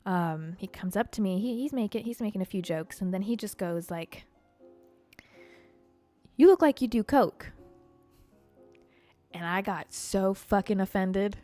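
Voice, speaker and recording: A young adult woman hosting a podcast, telling a story in a casual, profane and animated way, acting out the voices of people in it. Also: medium pitch, normal speed, hardly any pauses, faint music behind. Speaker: podcast host.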